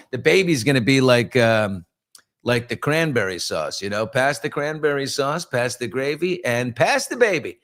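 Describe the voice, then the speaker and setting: Middle-aged male host, lower voice, relaxed morning chat, animated storyteller, reads viewer comments. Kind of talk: casual live morning chat.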